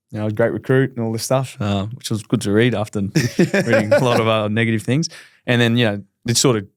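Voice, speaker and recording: A man in his thirties with an Australian accent, telling his story candidly in a relaxed podcast chat. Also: fairly low pitch, no room sound, studio quality. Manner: rapid, candid, laid-back with frequent ums. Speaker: podcast guest, professional footballer.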